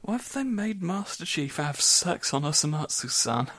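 A man trading wry, dry remarks in a relaxed chat. His voice sits a little high for a man. He makes short, deadpan comebacks. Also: moderate pace, no room sound. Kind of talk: casual chat.

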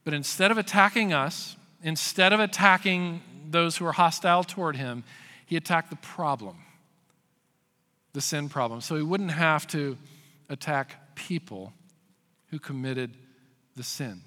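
A male pastor preaching a sermon, telling stories with loud acted quotes and dropping to hushed emphasis. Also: fairly high pitch, a little slow. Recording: long hall reverb.

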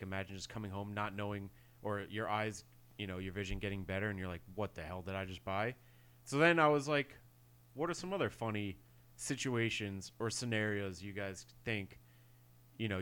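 A man's voice: lowish voice, brisk, a bit bright, smooth. A man co-hosting a podcast, chatting casually with a rambling, filler-heavy way of talking. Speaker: podcast co-host. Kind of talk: casual chat.

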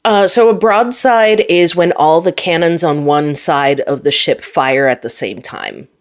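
Guest: deep-toned woman, Upper Midwest accent, chatty and quick to laugh. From North Dakota. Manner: chatty, laughs often, frequent ums. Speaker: guest scientist. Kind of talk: casual interview chat.

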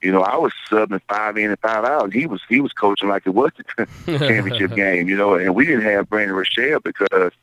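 A man, a basketball coach, talking in an interview with a raspy voice, rambling with many fillers and restarts. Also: on the low side, brisk, a bit bright, dry recording, lo-fi sound. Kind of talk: phone-in interview.

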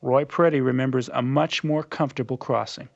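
Gravelly man narrating a war documentary. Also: mid-range voice, fairly even intonation, no room sound. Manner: measured, dramatic storytelling. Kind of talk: scripted narration. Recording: muffled lo-fi radio recording.

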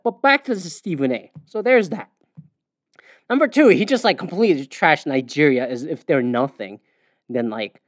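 A man's voice: fairly high pitch, dry recording. Profane ranting man, dry close mic. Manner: profane, ranting, with frequent fillers. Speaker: podcast host. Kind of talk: casual sports rant.

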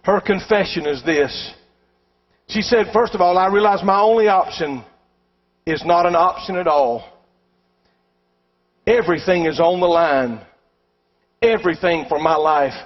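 A man preaching a sermon, retelling a story in a hushed voice and building to shouted declarations. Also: high-pitched, a little slow, long pauses, highs cut off. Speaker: pastor.

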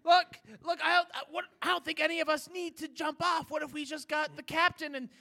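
Brief: a man doing a jumpy stammering passenger, bright high voice. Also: slow pace, creaky, exaggerated voice. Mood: flustered. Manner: flustered, stammering, pleading. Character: jittery male passenger from Canada.

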